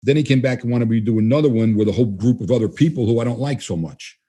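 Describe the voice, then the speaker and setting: Rich A fast-talking man with a husky, mellow voice, speaking as an interview guest. He is blunt and emphatic, and he slips into quick acted-out exchanges as he makes his points. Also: medium pitch. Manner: blunt, emphatic, acts out dialogue. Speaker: guest trainer. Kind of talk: casual interview talk.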